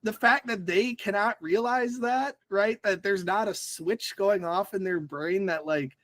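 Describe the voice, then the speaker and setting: A young man chats on a political podcast, slangy and quick to laugh. His voice sits a little high and comes through a close, dry mic. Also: a bit bright, no echo. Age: young adult. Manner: chatty, slangy, laughs often. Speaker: podcast co-host. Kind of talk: casual political chat.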